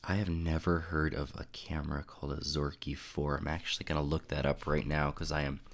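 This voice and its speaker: Young male streamer, very low gravelly voice, congested, loose rambling chat. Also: a little fast. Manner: relaxed, rambling, reads chat aloud. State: congested, sniffling. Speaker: photography live streamer. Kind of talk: casual live stream chat. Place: home desk room.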